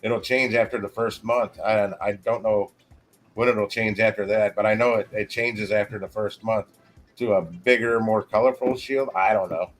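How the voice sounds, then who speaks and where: A man hosting a casual livestream, rambling along with halting restarts. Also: fairly low pitch, fairly even intonation, faint music behind. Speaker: livestream host.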